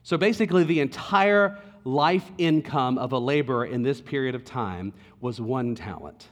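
A male pastor delivering a sermon in a conversational storytelling way, at times dropping to hushed tones. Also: on the high side, in a large hall.

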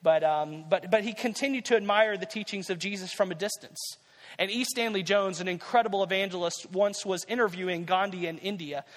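A man's voice: high voice, fairly quick, in a large hall. A man preaching a sermon as pastor, conversational and repeating key phrases for emphasis.

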